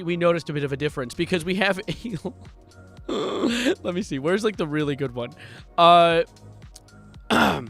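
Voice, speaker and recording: A man streaming live, commenting on posts with jokes, frequent laughter and loud incredulous outbursts. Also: on the high side.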